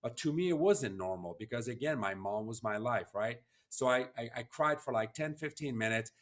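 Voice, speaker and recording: A man's voice: mid-range voice, expressive, normal speed, a bit bright. A man hosting a podcast, telling a personal story in an earnest, emotional, heartfelt way. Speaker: podcast host.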